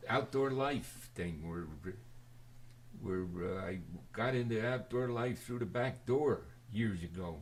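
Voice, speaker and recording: An older man telling a rambling personal story to his camera, halting and forgetful, with many restarts and fillers. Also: on the low side, slight background noise. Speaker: video storyteller.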